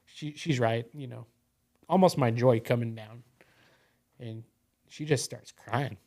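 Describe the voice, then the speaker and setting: Male podcast guest, casual rambling storyteller, average pitch. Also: a little slow, darkish tone. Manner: rambling, full of "you know" and "like".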